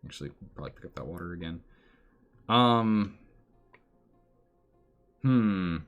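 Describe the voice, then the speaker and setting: A man giving live commentary on a colony game, animated and exclaiming, pleading with his characters. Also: deep voice, a little slow, muffled recording, faint music behind. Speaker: streamer playing a colony game.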